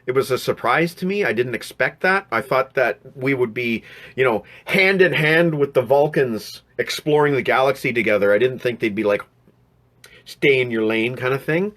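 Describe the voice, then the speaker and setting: Casual male streamer at home, mid-pitched, loose rambling delivery while reading out viewer comments. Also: expressive, normal speed, a bit bright. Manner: rambling, frequent restarts and fillers. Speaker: live stream host.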